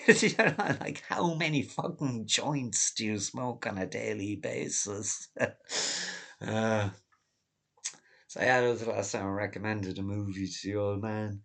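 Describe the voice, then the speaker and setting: A man with a low voice and plenty of gravel talks in a loose, digressive vlog monologue. He swears freely and breaks into laughter often. He wanders off on tangents, then pulls himself back. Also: a little slow, fairly bright tone. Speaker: vlogger. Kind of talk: rambling monologue.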